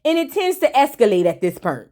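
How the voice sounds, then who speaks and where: A woman's voice: a little high, big pitch swings, brisk, mellow. A woman recapping a reality TV episode in casual, sassy commentary, slangy and talking back to the people on screen.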